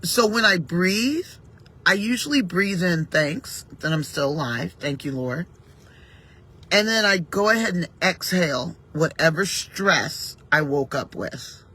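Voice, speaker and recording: Her voice is slightly rough and fairly low, yet animated, and she speaks unhurriedly. Offering morning encouragement to viewers, the woman sounds warm and reflective, chatting conversationally and occasionally referring softly to her faith.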